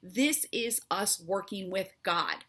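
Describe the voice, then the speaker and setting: A woman's voice: medium pitch, lively intonation, slow pace, bright, forceful tone, husky. A woman who is a faith-based health coach gives a motivational talk, speaking earnestly and directly to her viewers. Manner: earnest, encouraging, speaks straight to the listener.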